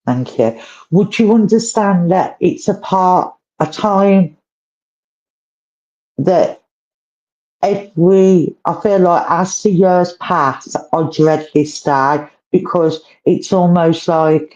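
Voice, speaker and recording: A woman working as a medium, giving a live reading in halting, repetitive phrases and gentle questions to the sitter. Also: deep voice, muffled recording. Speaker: psychic medium.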